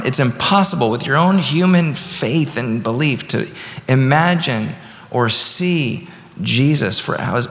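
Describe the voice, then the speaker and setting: Man in his thirties, pastor's sermon, gravelly edge, conversational then emphatic, long hall reverb. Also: mid-range voice. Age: 30s. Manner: conversational preaching with rising emphatic bursts.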